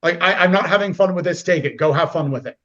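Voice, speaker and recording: A man in casual podcast talk, animated and fond of acting out quoted voices. His voice sits fairly high, and the recording sounds dull and lo-fi. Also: fast talker. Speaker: podcast guest. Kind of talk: casual conversation.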